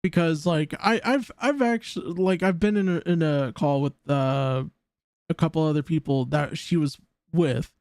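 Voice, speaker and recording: A man hosting a casual reaction stream, talking haltingly with many restarts. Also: fairly high pitch, a little mellow, clean tone, dry recording, studio quality. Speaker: streamer host.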